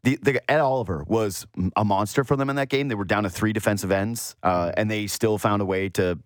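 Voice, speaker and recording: A man's voice: brisk, dry recording, clean studio sound. A man hosting a sports show, talking casually and animatedly, rambling through his thoughts. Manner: animated, rambling, mimics quotes in a higher voice. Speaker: sports radio host.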